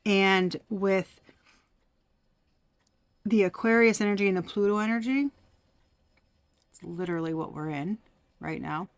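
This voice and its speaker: A woman's voice: medium pitch, unhurried, long pauses, dry recording. A woman giving a casual tarot reading, chatty and profane, laughing often and sometimes dropping to a whisper. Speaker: tarot reader.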